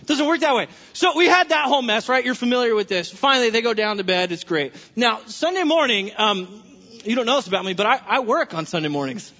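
A man's voice: very high voice, brisk. A man pastor preaching a sermon in a church, telling family stories with humorous asides. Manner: animated storytelling, humorous asides. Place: church sanctuary. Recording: reverberant hall, dull lo-fi sound.

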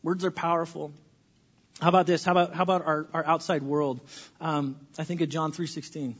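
Male pastor, high voice, dynamic sermon delivery, church sanctuary, dull lo-fi sound. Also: fairly even intonation, a little fast, slightly rough. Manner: dynamic preacher, swings from hushed to loud and playful.

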